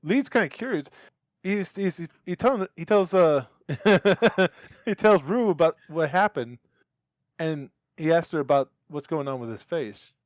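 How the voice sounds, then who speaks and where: A man's voice: on the high side, expressive, no room sound, studio quality. Stammering male tabletop player. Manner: halting, stumbling restarts. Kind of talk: casual tabletop play.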